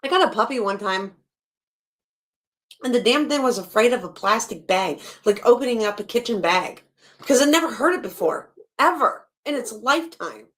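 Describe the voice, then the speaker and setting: A woman hosting a live stream, reacting to a podcast in blunt, animated casual talk and swearing freely. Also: on the high side, normal speed.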